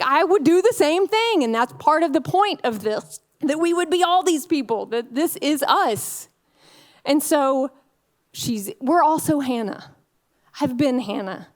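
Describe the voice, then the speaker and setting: High-voiced, chatty woman preacher. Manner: candid, chatty, many fillers, laughs often. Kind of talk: conversational sermon.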